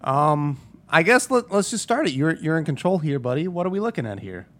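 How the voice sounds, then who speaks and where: Joking, lively-voiced young man. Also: a little high, brisk. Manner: loose, profane, joking banter. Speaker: podcast co-host. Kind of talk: casual chat.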